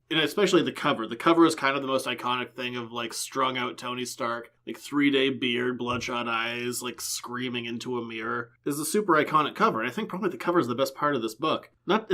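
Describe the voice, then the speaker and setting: A man's voice: mid-range voice, bright, forceful tone. A man co-hosting a podcast, giving casual, opinionated takes on comic books and often saying "like". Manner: opinionated, many "like" fillers. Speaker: podcast co-host. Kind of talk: casual comic book review chat.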